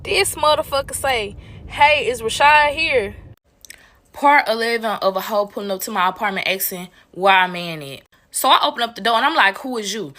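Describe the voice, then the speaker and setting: A woman telling a personal story to viewers in a casual, animated and profane way. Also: a little high, dry recording.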